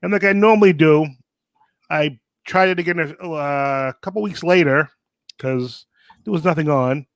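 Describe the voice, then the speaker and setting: A man co-hosting a podcast in relaxed casual chat, hesitating with fillers. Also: on the high side, moderate pace, no room sound. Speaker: podcast co-host.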